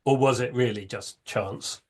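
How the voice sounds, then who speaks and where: A man's voice: mid-range voice, a little slow. A man hosting an interview podcast, asking questions in a thoughtful, polite way with a few hesitations. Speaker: podcast host. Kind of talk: casual interview.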